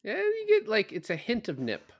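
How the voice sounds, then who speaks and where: A high-pitched man, his pitch swooping wildly, co-hosts a film podcast and walks through scenes at a moderate pace. The chat is casual and loose, packed with fillers and an occasional swear.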